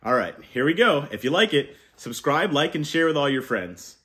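Animated man reading to kids. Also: on the high side, moderate pace. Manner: animated, leads kids in call-and-response chants. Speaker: children's storyteller. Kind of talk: reading a picture book aloud to kids.

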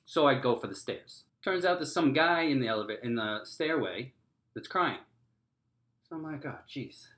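A man hosting a podcast, telling a comedic story in an animated, exaggerated way, jumping up in pitch and volume for punchlines. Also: normal speed. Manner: animated, exaggerated, rising to near-shouts for punchlines. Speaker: podcast host.

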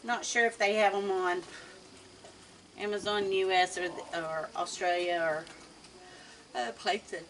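A chatty woman talks casually to her viewers while she feeds animals on a deck at night. Her voice is picked up from some distance, with clear outdoor noise around her. She keeps coaxing the animals softly between remarks. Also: on the low side. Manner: chatty, coaxing the animals, soft baby-talk to pets. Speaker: animal feeder vlogger. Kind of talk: casual chat to camera while feeding animals.

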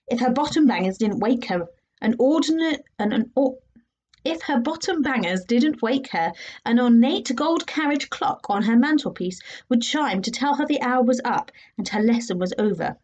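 A woman's voice: fairly high pitch, lively intonation, moderate pace, darkish tone, slightly rough, dull audio. A woman teacher reading a story aloud to a class, playful, with comic sound effects and emphasis.

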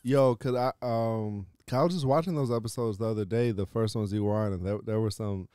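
A man's voice: lowish voice, fairly quick, mellow, clean tone, dry recording, clean studio sound. A man hosting a podcast, rambling casually and starting many sentences with "yo" and "like". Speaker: podcast host.

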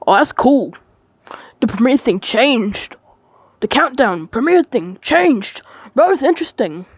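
High-voiced, gushing young woman reacting. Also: animated, measured pace, husky, dry recording. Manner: gushing and squealing, often dropping to a whisper. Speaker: youtuber. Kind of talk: excited trailer reaction. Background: trailer music.

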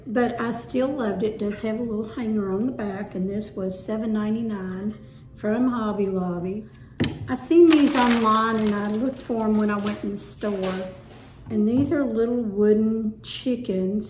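A woman's voice: mid-range voice, a little mellow. A woman with a Southern US accent casually showing off her home decor haul in a chatty, folksy way. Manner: chatty, folksy, gushing over items. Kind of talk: casual show-and-tell haul. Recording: echoey room with faint music.

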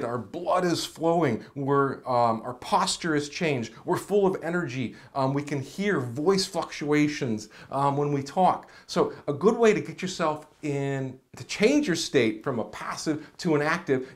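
Energetic man teaching on camera. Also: fairly high pitch. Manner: energetic, animated, direct to camera. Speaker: career coach. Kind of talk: enthusiastic video tutorial. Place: indoors, seated on camera.

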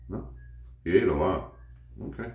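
A man's voice: low-pitched, expressive, moderate pace, roomy sound, heavy background noise. A man vlogging as a reptile keeper, casually coaxing his pet and talking to it like a buddy. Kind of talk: casual pet-feeding vlog.

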